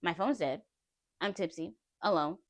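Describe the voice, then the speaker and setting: A woman vlogger telling a personal story in an animated, emphatic way, often laughing. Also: on the low side, normal speed, no echo.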